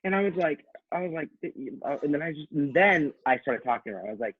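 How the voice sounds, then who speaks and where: A man's voice: mid-range voice, a little fast, breathy edge. Man, casual chat, storytelling, swears, acts out quotes, lo-fi dull sound. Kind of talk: casual chat, telling an anecdote.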